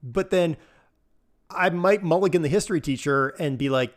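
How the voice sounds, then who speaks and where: A man's voice: a little high, normal speed. Chatty male game streamer. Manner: rambling, chatty, laughs often, answers chat. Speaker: live streamer. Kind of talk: casual live-stream chat while gaming.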